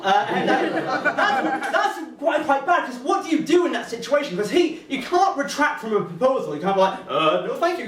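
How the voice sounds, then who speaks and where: A man's voice: sits high, a bit bright, roomy sound, distant mic. A young man doing stand-up in front of an audience, hesitant, with lots of fillers and restarts, laughing often. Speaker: stand-up comedian. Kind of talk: stand-up comedy set. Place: comedy venue with live audience.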